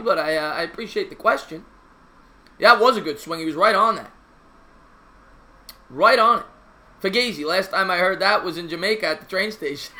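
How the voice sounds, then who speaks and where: A man calling a baseball game play by play on his live stream, chatting with viewers in a casual, slangy, excitable way. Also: high voice.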